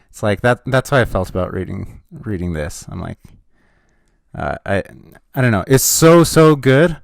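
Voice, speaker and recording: Male comics reviewer, casual chat, emotional, hesitant, medium pitch. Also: animated, normal speed, creaky, dry recording, clean studio sound.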